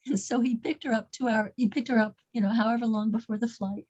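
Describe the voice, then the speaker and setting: A woman's voice: fairly high pitch, fairly even intonation, fast talker, hardly any pauses, warm tone, lo-fi sound. A woman casually telling a story to a small group as its leader, often repeating words and restarting her sentences.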